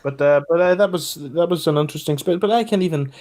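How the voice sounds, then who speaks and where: A young Irish man co-hosting a podcast, chatting in an animated way with many restarts. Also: a little high, fast. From Ireland. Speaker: podcast co-host. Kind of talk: casual chat.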